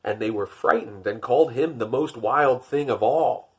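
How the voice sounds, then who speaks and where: A man reading a picture book aloud, lifting his voice for the narration and dropping to wry, deadpan jokes in between. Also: normal speed, husky. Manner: wry, deadpan joking asides; rises for narration, drops low for asides. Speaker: podcast host.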